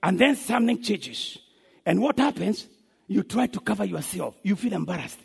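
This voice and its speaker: A man preaching a sermon, swinging dramatically from hushed lines to shouts. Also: high-pitched, sing-song, normal speed, gravelly, husky. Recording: long hall reverb.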